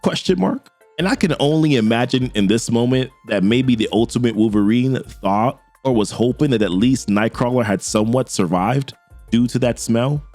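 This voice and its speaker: A man's voice: medium pitch, normal speed, a little mellow, no room sound, faint music behind. A young man eagerly recapping a comic book in slangy, hyped casual talk. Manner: hyped, slangy, laughs along.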